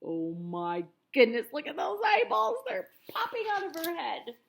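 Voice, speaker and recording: A woman reading a picture book aloud to young children, high-voiced and wildly expressive. She reads slowly and keeps stopping for animated, chatty asides to her listeners. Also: vocal fry.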